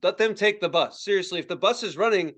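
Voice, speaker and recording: A young adult man with a high voice runs a loose, profane story on a podcast. He acts out the other people in the story with sudden high yelps and keeps the chat rolling with plenty of filler words. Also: fast, a bit bright. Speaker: podcast co-host.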